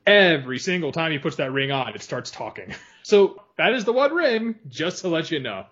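A man talks through a film with a co-host, lively and quick to laugh. His voice sits at an ordinary pitch. The audio is a bit dull and lo-fi. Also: husky. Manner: animated, laughs often, quotes lines in funny voices. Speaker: podcast co-host. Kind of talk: casual film discussion.

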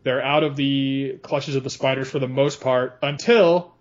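A man co-hosting a podcast, talking casually about a film in an animated way, laughing often. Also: mid-range voice, a little slow, dull audio. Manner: animated, laughs often, quotes lines in funny voices. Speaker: podcast co-host.

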